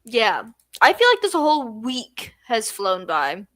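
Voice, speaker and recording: A drowsy young woman chats slowly and unhurriedly with her stream viewers late at night. Her voice is high and bright, heard close and dry with no room sound. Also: very animated, no echo. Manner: sleepy, yawning, chatty. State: tired. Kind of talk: casual livestream chat.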